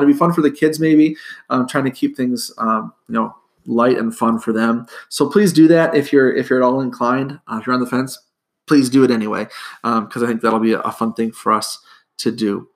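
A man's voice: mid-range voice, a little fast. A middle-aged man hosting a casual school podcast, rambling with lots of fillers. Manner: rambling, filler-heavy, friendly. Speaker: school principal and podcast host.

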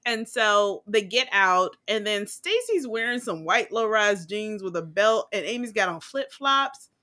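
Lady podcast host, bright voice, swears a lot, laughs and rambles. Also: medium pitch, lively intonation, measured pace. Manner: blunt, profane, digressive, laughs often. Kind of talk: casual chat.

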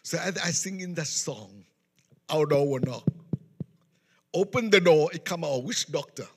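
A man preaches his personal testimony in simple, non-native English. His voice is husky and gravelly, and it is on the higher side. A long echo from the hall hangs behind his words. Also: lively intonation, moderate pace. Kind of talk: sermon testimony storytelling.

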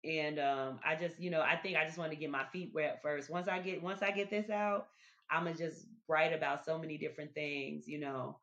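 A woman's voice: low-pitched, fairly even intonation, moderate pace, fairly bright tone. A woman hosting a podcast, talking to listeners in a casual, reflective monologue, often repeating her words as she goes. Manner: chatty, repeats words, addresses listeners directly. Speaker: podcast host. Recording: dull lo-fi recording.

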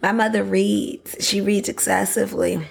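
A woman chatting casually with a co-host in a relaxed, slangy manner. Her voice has a gravelly, creaky edge. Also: mid-range voice, normal speed. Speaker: podcast co-host. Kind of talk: casual chat.

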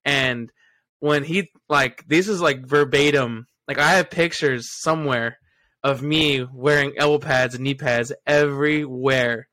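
A man's voice: medium pitch, unhurried, bright, forceful tone, no room sound. A young adult man hosting a podcast, chatting eagerly with lots of fillers and side remarks. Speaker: podcast host. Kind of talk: casual podcast chat.

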